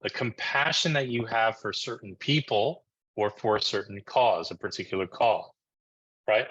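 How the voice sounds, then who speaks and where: A man from New Jersey giving a live marketing presentation on a video call, energetic and conversational, often checking in with "right?". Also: on the low side, normal speed, breathy edge, lo-fi sound. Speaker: marketing coach presenting a webinar.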